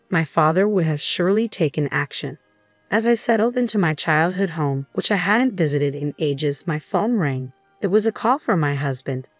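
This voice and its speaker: A woman reading a first-person story in an even, measured way. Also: low voice, dry recording. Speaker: narrator.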